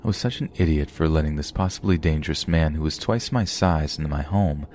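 Man, very deep voice, horror story narration, steady measured reading. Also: a little hiss or hum. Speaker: podcast host and story narrator.

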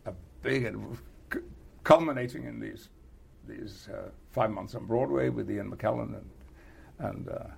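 Gravelly older British man, halting. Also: lowish voice, darkish tone. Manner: halting, many restarts and fillers, chuckles often. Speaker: actor being interviewed. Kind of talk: casual interview chat.

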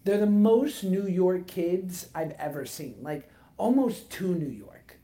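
A man in his thirties co-hosting a casual podcast, telling animated stories and laughing as he goes. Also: high voice, slow pace. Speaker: podcast co-host. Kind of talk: casual chat, storytelling.

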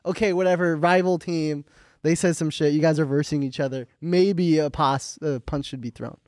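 A young man with a notably high voice, co-hosting a comedy podcast and telling animated stories. He swears freely and slips into the voices of the people he quotes. The sound is close and dry, with no room around it. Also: moderate pace, no room sound. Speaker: podcast co-host. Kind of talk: casual comedic chat.

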